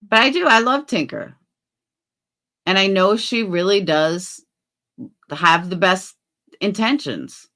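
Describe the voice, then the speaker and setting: On her casual livestream, a woman reads out what viewers write and gives blunt, expletive-filled answers. She snaps fast between low muttering and loud exclamations.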